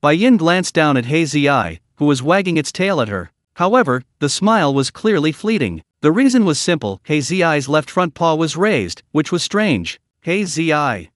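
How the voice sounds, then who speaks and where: A man giving a scripted story narration in a steady storytelling read. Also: fairly high pitch, normal speed, few pauses, no room sound, studio quality.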